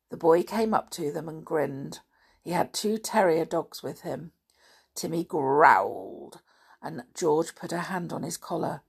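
A woman narrating a children's storybook in a calm, unhurried reading. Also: deep voice, vocal fry, slightly rough.

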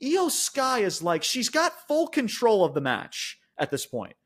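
Profane ranting man, high lively voice. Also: measured pace. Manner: frequent fillers and restarts like "like". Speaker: wrestling podcast co-host. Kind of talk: casual wrestling review chat.

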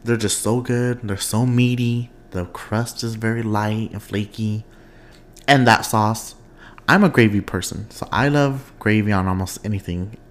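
A young man hosting his own podcast in casual, expressive chat, laughing often and wandering off on tangents. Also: fairly low pitch, a little slow. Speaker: podcast host.

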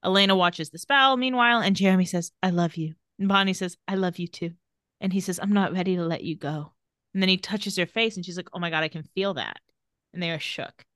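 Bright-voiced woman recapping a show. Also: on the low side, brisk, no room sound, studio quality. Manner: retells scenes, quoting lines in lively bursts. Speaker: podcast co-host. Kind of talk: casual recap chat.

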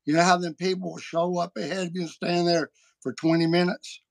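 A man hosts a casual podcast, telling stories in an animated, folksy way. His voice sits fairly high and has a gravelly edge. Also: brisk. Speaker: podcast host. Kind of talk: casual chat.

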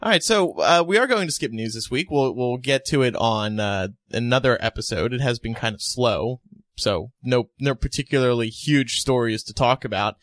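A man's voice: medium pitch, fairly bright tone, no echo. A man hosting a casual podcast, chatting with co-hosts and often trailing off into fillers and restarts. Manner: rambling, halting with fillers. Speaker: podcast host.

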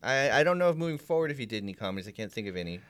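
Man co-host, very lively pitch, mid voice, animated storyteller who acts out scenes. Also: racing, clear, resonant tone. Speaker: podcast co-host. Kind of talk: casual movie chat.

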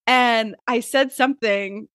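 A woman's voice: on the high side, fairly even intonation, slow, a bit bright, no room sound, studio quality. A woman hosting a podcast, chatting casually and laughing easily, with plenty of "like". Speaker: podcast host. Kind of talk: casual conversation.

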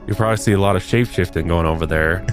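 A man's voice: sits low, rapid-fire, over music. A man hosting a comedy podcast, telling a paranormal story with mock-dramatic flair. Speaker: podcast host.

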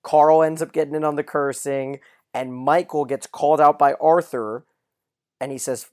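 A man's voice: on the high side, moderate pace. A man co-hosting a casual podcast recap of a TV episode, retelling scenes eagerly and acting out the characters' lines. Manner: animated storyteller who acts out quoted lines. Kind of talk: casual chat.

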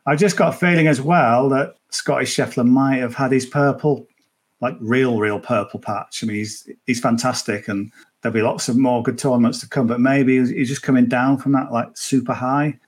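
A man's voice: mid-range voice, fairly even intonation, normal speed. A man chatting casually as a golf betting guest on a podcast, rambling with many restarts and fillers. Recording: remote, at the tournament venue.

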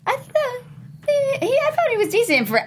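A woman on a casual panel, giggly and animated as she chats. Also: very high-pitched, fairly quick, background noise.

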